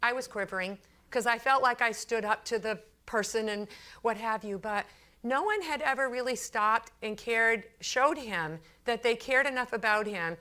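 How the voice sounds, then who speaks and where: A woman speaks to a business crowd with a bright, sharp voice. She tells her workplace story in a lively, chatty way and acts out the people in it. Her talk is loose and full of fillers. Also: fairly high pitch, normal speed. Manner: frequent fillers and repeated phrases. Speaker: consultant giving a talk. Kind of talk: storytelling speech to a business audience.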